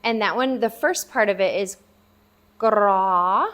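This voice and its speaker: A woman's voice: medium pitch, brisk. A woman teaching a language lesson, patiently sounding out each syllable several times while writing words out. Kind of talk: casual spoken lesson. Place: at a table, writing for the viewer.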